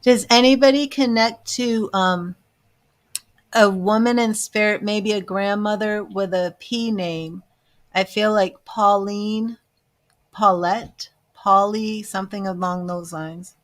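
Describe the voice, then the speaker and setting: On a live stream, a woman working as a psychic medium gives a reading in a chatty, self-amused way, calling out names to viewers and sometimes slipping into soft murmured asides. Her mid-range voice is fairly even in intonation and her pace is slow.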